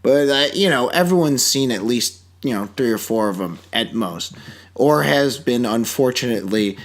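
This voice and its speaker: A man's voice: mid-range voice, expressive, moderate pace. A man co-hosting a casual movie review podcast, sarcastic and swearing freely, acting out characters in quoted voices. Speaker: podcast co-host.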